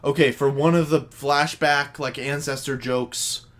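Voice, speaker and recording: A man's voice: mid-range voice, steady tone, a little slow, a bit bright. A man co-hosting a podcast in casual chat, rambling and swearing, with lots of "like" fillers. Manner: rambling, profane, full of "like" fillers. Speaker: podcast co-host.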